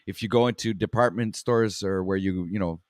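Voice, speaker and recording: A man with a Quebec Canadian accent chats casually, tripping over his words and breaking into laughs. His voice sits low. The recording is dry, with little room sound. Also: steady tone, a little fast, no echo. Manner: stumbles on words, laughs often. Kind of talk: casual chat.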